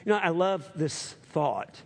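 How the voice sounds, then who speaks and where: A man preaching a sermon as pastor, calling for amens, swinging from emphatic highs to hushed lows. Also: big pitch swings, a little slow, breathy edge. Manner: calls for amens from the congregation.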